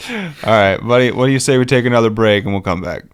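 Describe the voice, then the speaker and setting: A man's voice: mid-range voice, quick pace, noisy background. A man co-hosting a podcast, riffing and swearing freely in casual chat. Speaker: co-host.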